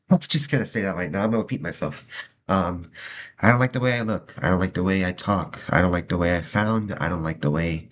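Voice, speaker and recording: A young man talking earnestly to the camera from a small room, halting, restarting and repeating himself. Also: low voice. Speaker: vlogger. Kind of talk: personal talk to camera. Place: small room indoors, adjusting his lighting.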